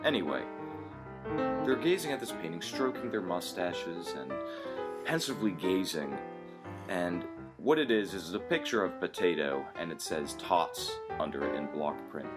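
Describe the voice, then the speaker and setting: Male co-host, very low voice, deadpan anecdotes, music bed behind. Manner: dry storyteller, halting with ums. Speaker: podcast co-host. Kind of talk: storytelling comedy chat.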